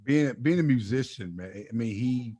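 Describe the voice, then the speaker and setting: A man hosts a relaxed podcast chat at an ordinary, middle pitch. He tells family stories with animation, now and then putting on other people's voices. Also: normal speed. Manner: animated storytelling, imitates voices. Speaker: podcast host. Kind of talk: casual conversation.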